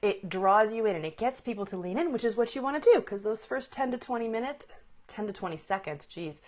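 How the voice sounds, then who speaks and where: A woman coaching on presentation skills in a chatty live stream, upbeat and conversational, often laughing and checking in with "right?". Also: on the high side. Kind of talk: live-stream teaching talk. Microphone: phone.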